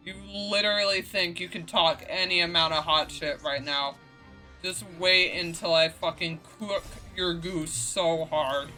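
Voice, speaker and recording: A man's voice: on the high side, steady tone, a little slow, bright, forceful tone, faint music behind. A man ranting profanely and indignantly while commentating a game playthrough. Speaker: gaming streamer. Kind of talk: let's play commentary.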